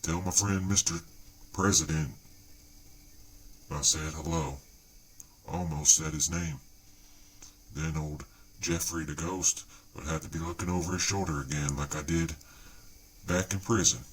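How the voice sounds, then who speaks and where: A man's voice: extremely low pitch, fairly even intonation, unhurried, long pauses, slight background noise, voice pushed down. A man voicing a sleazy, boastful male ghost in a comedy bit, in a smug, leering tone. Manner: smug, leering, mock-casual. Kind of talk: comedy sketch voice via a spirit board.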